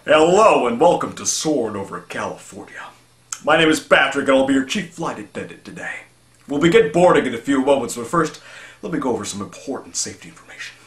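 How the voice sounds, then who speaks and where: A man doing a rapid-fire flight attendant. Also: medium pitch, sing-song, fairly bright tone, echoey room, pitched above the performer's own voice. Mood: chipper. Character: brisk, cheerful male flight attendant announcer.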